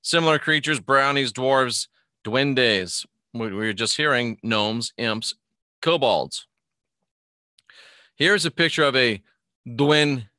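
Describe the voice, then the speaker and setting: A man's voice: medium pitch, takes it slowly, long pauses, bright, forceful tone, no echo, clean studio sound. A man hosting a live online show in a casual, rambling way, reading a news article aloud, commenting on it and greeting chat viewers by name.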